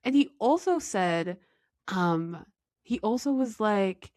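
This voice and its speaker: A woman's voice: mid-range voice, lively intonation, slow pace, darkish tone, no room sound, studio quality. A young woman co-hosting a podcast, reacting emphatically and laughing often as she recaps a reality show. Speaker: podcast co-host. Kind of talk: casual reality TV recap chat.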